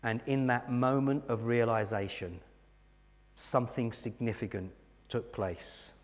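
Earnest English preacher in an echoing hall. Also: male voice, mid-range voice, steady tone, unhurried. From England. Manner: earnest storytelling, dropping to soft intensity. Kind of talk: sermon. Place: church hall. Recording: long hall reverb.

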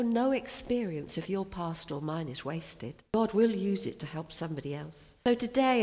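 A woman's voice: medium pitch, darkish tone. A woman preaching a sermon with emphatic, sharply rising and falling delivery. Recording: long hall reverb.

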